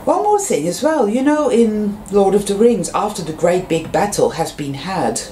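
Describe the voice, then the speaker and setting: A speaker in a loose, meandering monologue that leans on fillers, breaks off and restarts thoughts, and jumps in pitch when a story gets going. The voice sits at an ordinary middle pitch. The sound is roomy and echoey, with faint ambient noise underneath. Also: sing-song, normal speed, warm tone. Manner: rambling, peppered with fillers and restarts. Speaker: vlogger. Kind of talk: casual spiritual monologue. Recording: roomy echo.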